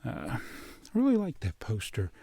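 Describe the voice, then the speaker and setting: A man rambles through a casual home vlog and chuckles self-consciously between thoughts. His voice sits at an ordinary middle pitch. The sound is dry and close, with no room ring. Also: huge pitch swings, moderate pace, creaky, warm tone, no room sound. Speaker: toy collecting vlogger. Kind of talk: casual chat. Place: room at home with posters on the walls.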